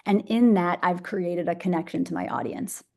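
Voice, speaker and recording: A woman's voice: lowish voice, animated, normal speed, creaky, a little mellow. A young woman presenting a masterclass, bubbly, enthusiastic and conversational. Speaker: social media speaker.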